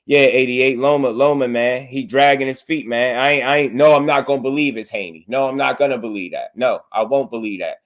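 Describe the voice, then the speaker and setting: A young man hosting a casual boxing livestream, animated and slangy, talking straight to his chat. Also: medium pitch, fairly quick, few pauses.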